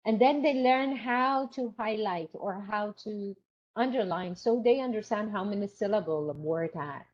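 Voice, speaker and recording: A woman teaching a lecture on exam preparation, explaining slowly and checking whether her students follow along. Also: mid-range voice. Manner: explanatory, asks the class questions. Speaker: teacher trainer. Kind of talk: online lecture. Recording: dull lo-fi recording.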